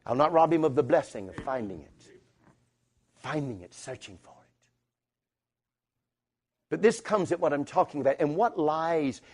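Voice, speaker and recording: A male preacher delivering a sermon in a church, his somewhat high voice leaping up and down with lively inflection. He speaks emphatically, dropping to near-quiet lines and then rising to loud declarations before the congregation. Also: normal speed, pauses often.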